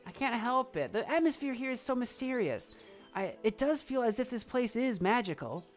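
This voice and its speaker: A woman's voice: on the high side, expressive, normal speed, faint music behind, pitched above the performer's own voice, close to an everyday voice. A woman voicing an earnest, curious young heroine in a visual novel, in a plain reading voice.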